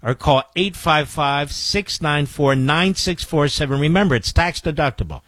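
A man's voice: on the high side, animated, moderate pace, a bit bright, no room sound. A man hosting a political talk radio show, emphatic and combative, firing off rhetorical questions and reading out ad copy. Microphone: studio microphone.

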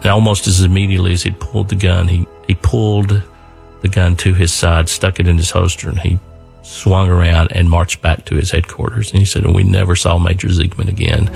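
Give me an older man with a gravelly voice, telling a family war story earnestly with thoughtful pauses. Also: sits low, flat delivery, darkish tone, soft background music. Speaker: son telling his veteran father's story. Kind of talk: spoken storytelling.

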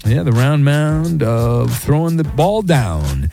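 A man hosting a sports talk show, running a quiz game with lively, joking asides. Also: medium pitch, takes it slowly, gravelly, soft background music. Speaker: sports radio host.

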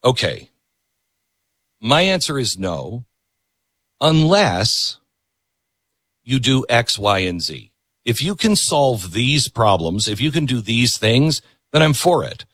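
A middle-aged man holds forth as a talk show host, his voice rising and falling with lively swings. He hammers his points home and repeats words for emphasis. The sound is dry and close, with no room around it. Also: medium pitch, slow, pauses often, dry recording. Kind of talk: political talk radio monologue.

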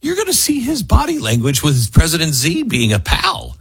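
A man's voice: on the high side, wildly swooping pitch, slightly rough, no room sound. A male radio talk show host giving emphatic, argumentative political commentary. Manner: emphatic, argumentative, shifts quickly between loud and hushed.

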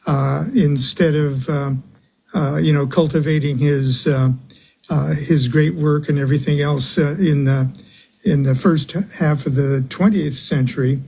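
Male radio guest, husky, unhurried, halting delivery full of uhs. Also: fairly high pitch, fairly even intonation, dark tone. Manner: halting, many uhs, chuckles. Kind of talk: radio interview.

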